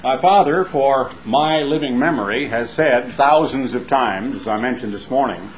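A man with an American twang, an evangelist giving a broadcast sermon in a conversational preaching manner, slowing down to stress key phrases. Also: medium pitch, slight background noise, rough recording. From United States.

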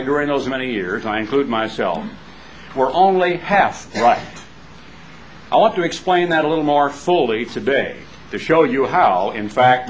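Man, American twang, evangelist, broadcast sermon, mid-pitched voice, faint background hiss. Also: poor audio. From United States. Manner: conversational preaching, slowing to stress key phrases.

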